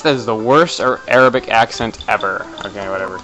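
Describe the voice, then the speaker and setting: A man giving chatty, excitable commentary while playing a video game, tossing in the odd swear for effect. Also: fairly low pitch, fairly quick, few pauses, soft background music, rough recording. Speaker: let's play host. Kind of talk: casual gameplay commentary.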